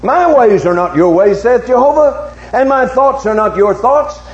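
A male preacher giving a sermon, swinging from low hushed tones to loud, emphatic challenges with repeated rhetorical questions. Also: expressive, moderate pace. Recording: echoey, dull recording with faint hum.

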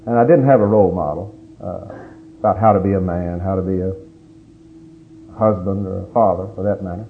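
A middle-aged man preaching a sermon, an animated storyteller who swings from loud outbursts to hushed asides. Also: low voice, brisk, vocal fry, phone-quality sound, slight background noise. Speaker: pastor.

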